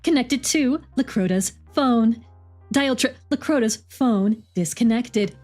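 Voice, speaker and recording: A flat, monotone car assistant voiced by a woman that reads out its device messages in clipped, even phrases. It sounds mechanical and unhurried, like an in-car system from a storybook reading. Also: on the high side, faint music behind. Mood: robotic.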